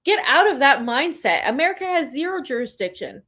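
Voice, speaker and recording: A female co-host with a somewhat high voice, talking in emphatic, indignant runs during a casual political chat. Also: sing-song, a little fast, fairly bright tone.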